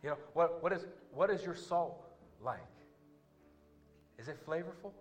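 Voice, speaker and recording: High-voiced preaching pastor, man. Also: unhurried, faint music behind. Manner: animated preaching, rising to loud climaxes; calls out to the congregation. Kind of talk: sermon. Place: church.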